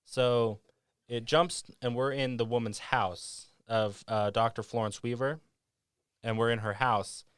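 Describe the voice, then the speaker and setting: A man's voice: on the low side, smooth, no echo, clean studio sound. A man hosting a podcast, casually retelling a movie scene by scene in a rambling way. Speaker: podcast host.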